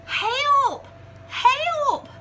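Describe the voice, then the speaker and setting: Woman playing a storybook bear, boastful, slow, bellowing, bright. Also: fairly high pitch, a little hiss or hum, heavily acted. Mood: panicked. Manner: steady and boastful, then bellowing for help. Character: big unworried bear.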